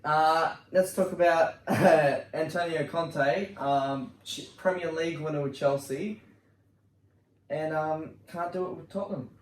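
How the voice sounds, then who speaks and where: A man hosting a casual football podcast, bantering quickly and laughing easily. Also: fairly high pitch, a little mellow, far from the mic. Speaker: podcast host. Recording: roomy sound from off-mic, faint noise.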